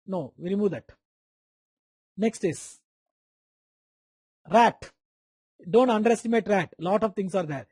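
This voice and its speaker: A man's voice: high-pitched, unhurried, long pauses, a little mellow, breathy edge, no room sound. A man with an Indian English accent giving an online medical lecture, quizzing students by name and repeating key terms.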